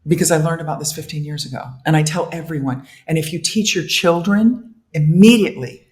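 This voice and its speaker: A slightly high-pitched man, speaking a little fast, chats casually with an interviewer about his work as a detox specialist. The echoey room captures his animated delivery, frequent laughter, and acted-out inner dialogue.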